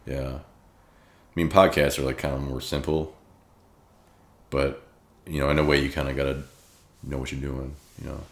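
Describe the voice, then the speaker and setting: A man's voice: very deep voice, level tone, normal speed, long pauses. A man hosting a casual podcast chat, laid-back and rambling, often leaning on "like". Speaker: podcast host.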